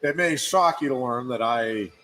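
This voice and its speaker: A man's voice: medium pitch, moderate pace, fairly bright tone, poor audio. A middle-aged man co-hosting casual sports radio, reading results and telling stories with dry understatement and "uh" fillers. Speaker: co-host, wrestling play-by-play voice.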